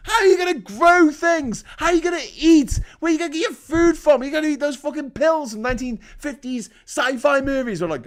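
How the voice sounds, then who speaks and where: A man hosts his own live stream and rants in heated, profane, sarcastic commentary. His voice sits high for a man and swings between loud outbursts and quieter asides. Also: animated, brisk, hardly any pauses. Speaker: livestream host.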